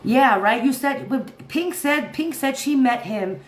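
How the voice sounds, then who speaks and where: A woman's voice: sits high, animated, takes it slowly. A tired woman hosting a casual livestream, rambling, laughing often and chatting with her viewers and her cat. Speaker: livestream commentary host. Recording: echoey room with faint noise.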